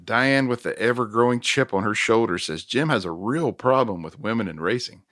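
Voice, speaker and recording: A man hosting a podcast, casually recapping a movie scene by scene with chuckles and quick self-corrections. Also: mid-range voice, expressive, fairly bright tone, no echo, studio quality. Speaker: podcast host recapping a film. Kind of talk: casual plot recap chat.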